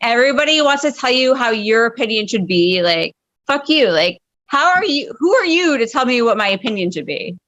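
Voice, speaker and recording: A woman's voice: on the high side, very animated, a little fast, a bit bright, no echo, poor audio. A woman in her thirties doing a blunt, exasperated stand-up rant over a video call, swearing constantly and padding every line with fillers. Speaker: stand-up comedian. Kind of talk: profane ranting stand-up bit.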